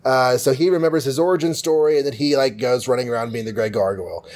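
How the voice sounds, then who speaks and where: A man casually recapping a comic in a podcast chat, loose and jokey with lots of "um" and "like". His voice sits at an everyday medium pitch. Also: quick pace, a little mellow. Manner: chatty, jokey, full of fillers. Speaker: podcast host.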